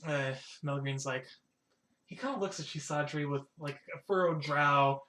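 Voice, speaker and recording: A man's voice: a little high, moderate pace, bright, forceful tone, reverberant. A young man narrating a tabletop game as game master, rambling with many fillers.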